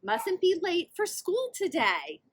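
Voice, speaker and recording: A woman voicing a kind, motherly female school bus in a storybook, sing-song and gentle. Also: very high-pitched, wildly swooping pitch, takes it slowly, voice pushed up, full character voice. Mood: kindly.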